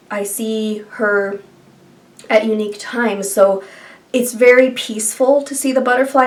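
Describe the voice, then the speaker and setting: A woman talking in a heartfelt, halting way in a casual vlog, with many fillers. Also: medium pitch, recorded from a distance. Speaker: beauty YouTuber.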